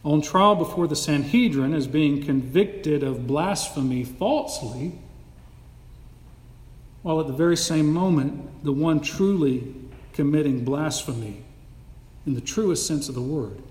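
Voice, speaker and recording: A man's voice: a little high, a little slow. Preaching man in an echoey hall. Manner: emphatic preaching, animated, dramatic quotes. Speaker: pastor. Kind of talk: sermon. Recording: echoey hall with long reverb.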